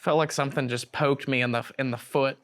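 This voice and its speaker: A man on a ghost hunt calling out short, startled reports of the voices he hears, drawn out slowly. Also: mid-range voice, fairly even intonation, a bit bright. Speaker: paranormal investigator. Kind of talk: reporting what he hears through a device. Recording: noisy night recording.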